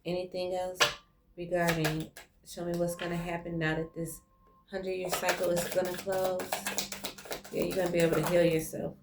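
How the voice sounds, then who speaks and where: Here a woman does a casual online tarot reading, effusive and addressed directly to the viewer, though her fairly low voice has a flat delivery at normal speed. Heavy background noise and clearly audible music sit behind her.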